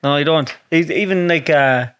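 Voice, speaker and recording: A man on a podcast, asking gentle questions and offering short, sympathetic replies. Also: fairly high pitch, normal speed, smooth, dry recording. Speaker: podcast guest. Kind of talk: casual conversation.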